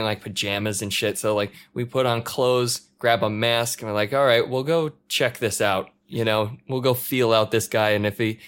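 A man in easy conversation, spinning an anecdote with animated energy. He throws himself into the quoted voices, jumping up into shouts and dropping back to a mutter. His pitch sits in an ordinary middle range. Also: clear, resonant tone. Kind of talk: casual chat. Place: apartment in a multi-story building.

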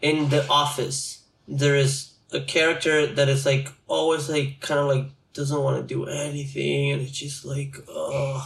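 A man's voice: on the high side, level tone, moderate pace, vocal fry, few pauses, fairly bright tone, roomy sound. A man in casual, profane conversation, rambling with lots of fillers. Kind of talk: casual chat.

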